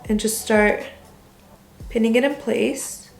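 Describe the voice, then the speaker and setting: A woman's voice: fairly high pitch, fairly even intonation, takes it slowly, vocal fry, roomy sound, faint music behind. A young woman chatting casually through a hair and makeup tutorial at home, upbeat and full of product recommendations. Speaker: beauty vlogger. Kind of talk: casual get-ready-with-me tutorial. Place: room at home.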